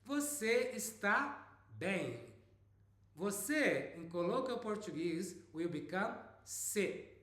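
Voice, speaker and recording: A male teacher takes a beginner class through a lesson, repeating each word slowly and patiently. His pitch moves a lot as he stresses new words. The sound is echoey, as in a bare room. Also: very animated, fairly bright tone. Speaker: language teacher.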